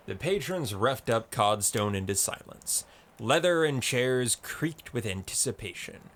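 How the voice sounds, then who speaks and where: A man narrating an audiobook story in a measured, descriptive way. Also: medium pitch, lively intonation, fairly bright tone.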